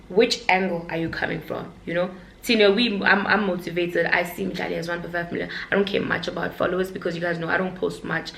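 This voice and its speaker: A woman's voice: on the low side, fairly bright tone. A young woman chatting candidly to her viewers in a casual vlog, talking straight to them. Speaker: vlogger. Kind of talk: casual chat to camera. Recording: echoey room with faint noise.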